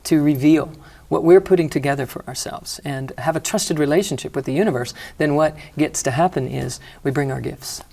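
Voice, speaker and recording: A middle-aged woman, a healing teacher, calmly guiding a breathing exercise and talking about her work in an interview. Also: sits low, vocal fry. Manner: calm, slow guiding cues. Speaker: energy healing teacher, guest. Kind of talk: guided breathing instruction and interview.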